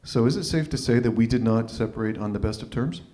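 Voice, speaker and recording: A man telling a personal story live at an open mic, casual and self-deprecating. He restarts phrases as he goes, in a middle-pitched voice. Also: fast talker, dark tone.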